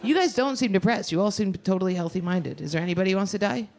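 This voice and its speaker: A woman's voice: mid-range voice, quick pace, a little mellow. Brash female stand-up comic, young, crowd work on a handheld mic, noisy live club sound. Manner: brash, crude, chatty with the audience. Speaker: stand-up comedian. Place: comedy club stage. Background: audience laughter.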